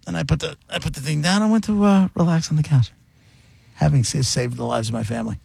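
Male radio co-host, gravelly, dry close mic, joking storyteller. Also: a little high, fast talker, a little mellow, no echo. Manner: joking, storytelling, playfully boastful. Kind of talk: casual studio banter. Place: radio studio.

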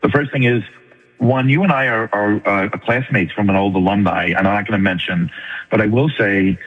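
An older retired man with a New York accent, calling in to a radio talk show and making his points fast and earnestly. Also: fairly low pitch, slightly rough, faint music behind. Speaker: caller. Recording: tinny phone line, long reverb.

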